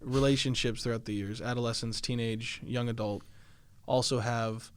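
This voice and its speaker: A man's voice: mid-range voice, fairly even intonation, moderate pace, no room sound. A man in his twenties co-hosting a podcast, chatting casually and rambling a little as he works out his sentences. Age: 20s. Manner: rambling, laughs often. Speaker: podcast co-host. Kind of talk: casual chat.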